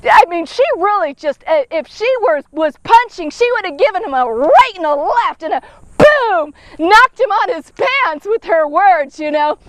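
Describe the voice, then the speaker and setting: A woman with a very high voice gives a casual devotional Bible teaching. She talks like she is chatting with friends, checks in with her listeners often and acts out the people in the story with drama. The sound is dry and close. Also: very animated, moderate pace, dry recording. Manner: conversational, checks in often with "okay?" and "all right?".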